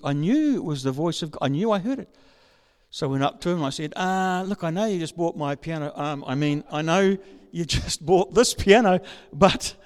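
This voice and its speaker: A man preaching a sermon, telling a personal story and building up to excited shouting. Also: a little high. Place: large church hall. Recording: reverberant hall.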